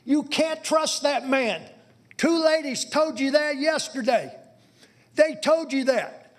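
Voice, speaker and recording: A man with an unusually high voice stands at a podium microphone and rails against a county board. He speaks slowly, lingering on each insult, with open contempt in his voice. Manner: angry, insulting, confrontational. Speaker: public commenter. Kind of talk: public comment at a county board meeting.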